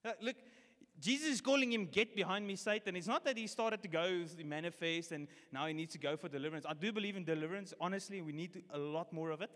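A man preaching a sermon, casual and energetic, leading the congregation in call-and-response. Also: a little high, fast talker. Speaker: pastor. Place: church hall. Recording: long reverb of a church hall.

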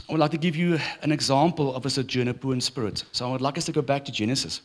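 A man's voice: medium pitch, very fast, few pauses. A middle-aged man preaching a sermon in church, telling stories with humor. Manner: storytelling with humor, lively delivery. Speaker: pastor.

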